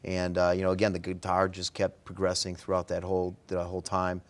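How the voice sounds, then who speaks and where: A male guest telling music history in a relaxed, filler-heavy way during a casual interview. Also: deep voice, fairly quick.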